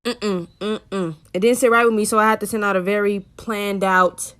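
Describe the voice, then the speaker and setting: A woman's voice: mid-range voice, steady tone, fairly quick, a bit bright, clean tone. A woman ranting to her phone camera, sassy and exasperated. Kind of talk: casual rant.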